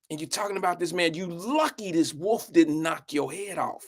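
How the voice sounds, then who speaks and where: A man hosting a live show, spinning an animated, profane story straight to his listeners. His voice sits a little higher than most men's. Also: normal speed. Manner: animated, swearing storyteller who speaks to the audience directly. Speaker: show host.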